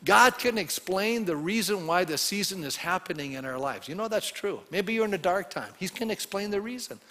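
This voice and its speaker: A male pastor preaching a sermon in a lively, conversational way, often asking the congregation questions. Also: sits high, moderate pace. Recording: long hall reverb.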